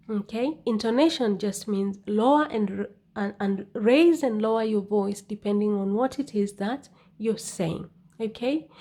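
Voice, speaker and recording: A woman giving an English exam lesson at an unhurried, careful pace. She spells things out patiently and checks in with "okay?" after each point. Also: mid-range voice, darkish tone. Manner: slow, deliberate, repeats "okay?". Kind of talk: scripted lesson narration.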